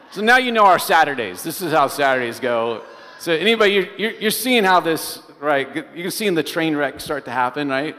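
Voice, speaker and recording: A middle-aged pastor preaches with a slightly raised voice, telling stories in an animated way and turning to the congregation with quick questions. His sermon rings out through a large hall with a long reverb trailing after each phrase. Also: on the high side. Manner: animated storyteller, often asking the congregation questions.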